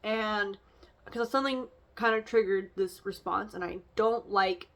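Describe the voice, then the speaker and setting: A woman's voice: medium pitch, unhurried, fairly bright tone. Rambling young woman, reflective vlog. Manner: rambling, frequent fillers and restarts. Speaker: vlogger doing an oracle card reading.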